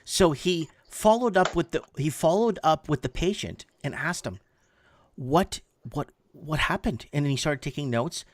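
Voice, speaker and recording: A man in his forties telling a story in a casual, animated way, often repeating words for emphasis. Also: on the high side, moderate pace, hardly any pauses. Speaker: podcast host.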